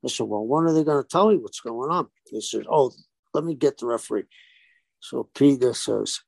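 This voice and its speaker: A man's voice: mid-range voice, moderate pace, gravelly, husky, dry recording. A man, a former pro wrestler, telling stories in a casual interview and acting out the dialogue as he goes. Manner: animated storyteller who acts out quoted dialogue.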